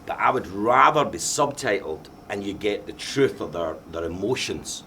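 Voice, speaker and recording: A man's voice: fairly low pitch, expressive, normal speed, sharp tone, a little hiss or hum. A middle-aged man with a Glaswegian accent, speaking passionately and emphatically in a post-screening question-and-answer session. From Scotland. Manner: passionate, emphatic, repeats himself. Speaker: film director being interviewed. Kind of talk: Q&A after a film screening.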